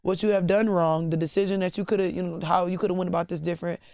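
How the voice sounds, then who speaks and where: A woman's voice: fairly low pitch, fairly even intonation, racing, a little mellow, no room sound, clean studio sound. A woman rapper as interview guest, talking candidly in casual chat, swearing freely and turning dramatic at times. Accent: Southern US.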